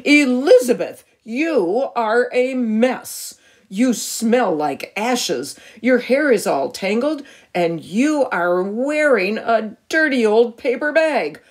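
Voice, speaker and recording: A woman's voice: on the low side, animated, slow, hardly any pauses, slightly rough, heavily acted. A woman doing a snooty, scornful young prince.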